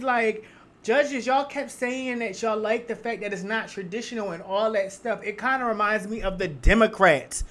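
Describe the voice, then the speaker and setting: A man's voice: high voice, moderate pace, a bit bright. A man from Philadelphia with a Philly accent, reviewing a TV finale in casual, emphatic chat and talking straight to his viewers. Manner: chatty and emphatic, addressing viewers as y'all. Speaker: reaction vlogger.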